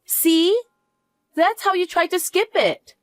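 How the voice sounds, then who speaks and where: In a narrated family drama, a woman voices a harsh, scornful young daughter-in-law with a fairly high pitch and a lively, swinging delivery. The recording is dry and close, with faint music underneath, and she speaks at a normal speed.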